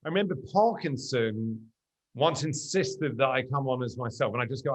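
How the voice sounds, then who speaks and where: A middle-aged man, a guest in a casual conversation, telling lively anecdotes. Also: medium pitch, moderate pace.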